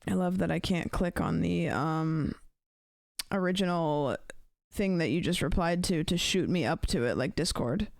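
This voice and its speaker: A woman streamer chatting casually with her live viewers, rambling and thinking out loud with lots of fillers. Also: lowish voice, normal speed, vocal fry, dry recording. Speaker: livestreamer.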